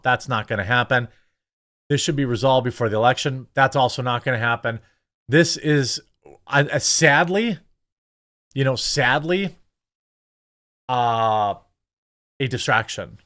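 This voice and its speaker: A man talks through casual political commentary in a blunt, sarcastic way. He rambles, breaks off and restarts often, and fills gaps with lots of "you know" and "I mean". His voice sits in an ordinary middle pitch. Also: a bit bright.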